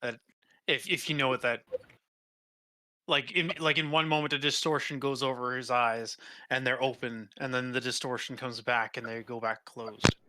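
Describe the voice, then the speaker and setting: A man narrating as game master for a tabletop role-playing game, halting and full of fillers and restarts. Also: mid-range voice, level tone, bright, forceful tone.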